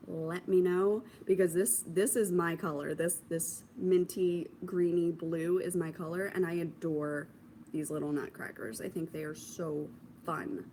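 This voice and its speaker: A young woman hosting a knitting podcast, chatting casually while showing her projects, amused at herself and dropping into soft asides. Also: on the low side, slight background noise. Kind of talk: casual show-and-tell chat to camera.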